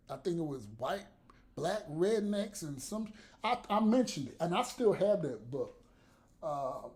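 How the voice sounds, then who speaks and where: Male vlogger for an unfiltered rant: mellow tone, swooping lively delivery, blunt and profane. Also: a little high. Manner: blunt, profane, laughs between points. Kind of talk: profane ranting commentary to camera.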